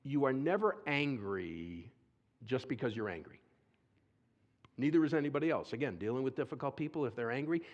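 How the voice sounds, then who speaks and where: Animated man preaching to a church audience. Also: medium pitch, lo-fi sound. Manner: animated, calls for audience response, acts out quotes. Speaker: speaker at a church seminar. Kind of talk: lively sermon storytelling with audience questions. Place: church sanctuary.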